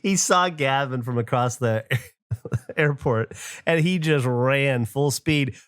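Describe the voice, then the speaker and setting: A man's voice: medium pitch, takes it slowly, clear, resonant tone, no echo, studio quality. A man hosting a podcast, telling stories in casual chat and acting out what others said. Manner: animated storyteller, acts out quotes. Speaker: podcast host.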